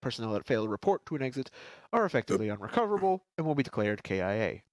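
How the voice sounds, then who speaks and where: Congested man with a lively voice. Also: mid-range voice, rapid-fire, dry recording. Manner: joking, reads documents aloud with stumbles and restarts. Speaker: podcast co-host. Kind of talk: casual chat and reading aloud. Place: his apartment.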